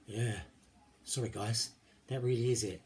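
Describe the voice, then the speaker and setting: A man's voice: medium pitch, a little slow, darkish tone, a little hiss or hum. A middle-aged man chatting casually to camera in his home kitchen, rambling and jokey. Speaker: home cooking vlogger. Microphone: camera mic.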